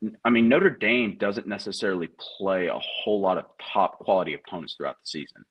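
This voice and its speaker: A man co-hosting a sports podcast, chiming in with wry asides in a husky voice. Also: low-pitched, brisk, highs cut off. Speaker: podcast co-host. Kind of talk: casual sports podcast chat.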